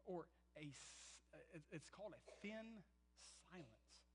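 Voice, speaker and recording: A man preaching a sermon, swinging from loud, emphatic passages to near-whispered ones and acting out the quotes he reads. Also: a little high, animated, a little slow, a little hiss or hum, rough recording. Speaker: pastor.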